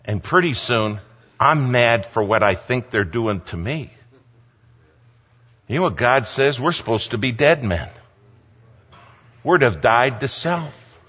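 A man preaching a sermon, swinging from loud exclamations to hushed near-whispers. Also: fairly low pitch. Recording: long hall reverb, slightly dull sound.

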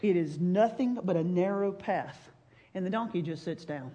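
A woman preacher retelling a scripture story in a sermon, with animated storytelling that swings from loud to hushed. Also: fairly low pitch, moderate pace, dull audio, background noise.

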